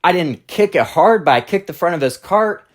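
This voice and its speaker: Host, storytime rant, exasperated and blunt, pitch swinging widely, mid-height voice. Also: expressive, normal speed. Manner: exasperated, blunt, profane ranting. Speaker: channel host.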